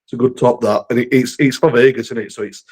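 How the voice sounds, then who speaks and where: A man's voice: medium pitch, steady tone, fast talker, darkish tone. Blunt, hesitant male panelist. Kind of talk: casual panel chat.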